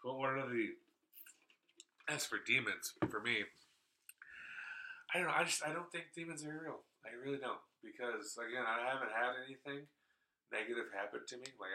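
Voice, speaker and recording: A man's voice: medium pitch, normal speed, pushed and bright, slight background noise, poor audio. A man hosting a podcast, telling a story in casual chat, rambling and swearing freely. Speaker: podcast host.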